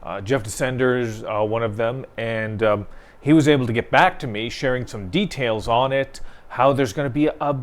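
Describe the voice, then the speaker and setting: Man, local newspaper co-host, casual storytelling, laughs often, medium pitch. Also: normal speed. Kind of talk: casual chat.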